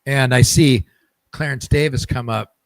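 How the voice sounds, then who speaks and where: A man's voice: medium pitch, a little slow, creaky, dry recording. A man hosting a podcast in casual chat, telling stories with many restarts and repeated words. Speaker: podcast host.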